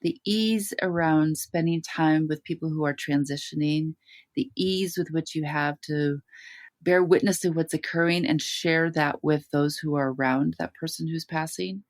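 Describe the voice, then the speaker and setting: A woman's voice: sits low, a little slow, no echo. A woman hosting a podcast, reflecting thoughtfully on her guest's story. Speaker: podcast host.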